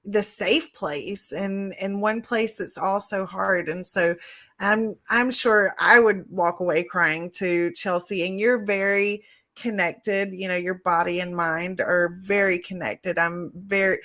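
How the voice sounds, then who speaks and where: A woman on a casual live podcast, speaking earnestly and warmly about her subject. Her sentences run on and on, linked by small fillers. She speaks at an ordinary middle pitch. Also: fairly even intonation, slow pace. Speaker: podcast co-host.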